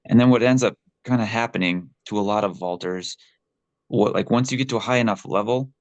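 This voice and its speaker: A man's voice: fairly low pitch, fairly quick, dry recording. A man speaking candidly and with feeling as an interview guest, a former pole vaulter who swears freely and often restarts his sentences. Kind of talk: casual interview conversation.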